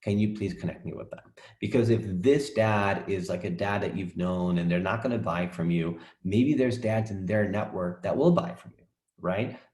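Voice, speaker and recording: A man's voice: low voice, normal speed, darkish tone, roomy sound. A man teaching a recorded lesson for coaches, enthusiastic, often checking in with "right?" and leaning on "literally".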